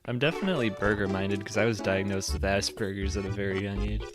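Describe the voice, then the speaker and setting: Laid-back Midwestern man, lowish voice. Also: quick pace, music in the background. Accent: Midwestern American. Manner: laughs often, relaxed rambling storytelling. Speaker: podcast co-host. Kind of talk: casual chat.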